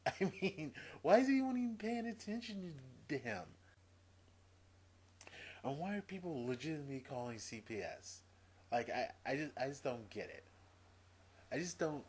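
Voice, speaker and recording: A man venting to camera in a profane opinion rant, exasperated and repeating his points. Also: breathy edge. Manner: exasperated, profane, repeats himself, swings from low mutter to loud. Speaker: video blogger.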